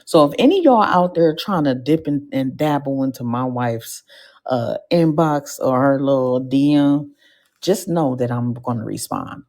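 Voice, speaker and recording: A woman with a very low, gravelly voice hosts a live podcast show. She tells stories in an animated, slangy way and keeps throwing comic asides to the crowd. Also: measured pace. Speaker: podcast host.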